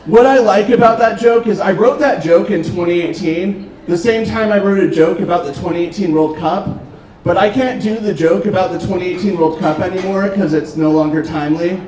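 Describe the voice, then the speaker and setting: Stand-up comedian, male, high voice, deadpan dark material, recorded from a distance in a roomy club with a live crowd. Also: brisk. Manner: deadpan dark jokes with filler ums. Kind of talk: stand-up set. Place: restaurant comedy stage. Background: audience laughter.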